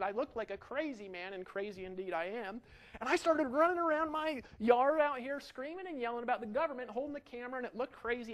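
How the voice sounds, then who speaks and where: A middle-aged man giving an energetic marketing webinar, animated and ranting, full of rhetorical questions. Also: high-pitched. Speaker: online marketing instructor.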